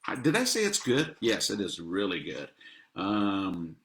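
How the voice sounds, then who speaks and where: A man's voice: fairly low pitch, huge pitch swings, measured pace, a bit bright, roomy sound. A middle-aged man who owns a restaurant, chatting casually about the menu and cracking jokes at his own puns. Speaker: restaurant owner promoting the menu. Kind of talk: casual chat.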